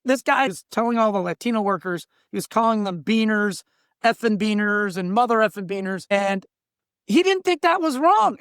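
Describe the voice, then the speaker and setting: Blunt, animated middle-aged man telling stories. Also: sits high, smooth, no room sound, studio quality. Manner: acts out quoted people, blunt and emphatic. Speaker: diversity trainer and workplace coach. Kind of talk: animated storytelling in a podcast interview.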